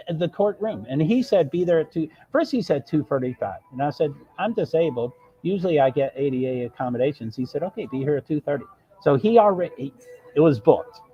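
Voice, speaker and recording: Rambling man with a husky voice. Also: fairly high pitch, highs cut off. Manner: rambling, self-interrupting, quotes others. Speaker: live streamer. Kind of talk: casual storytelling.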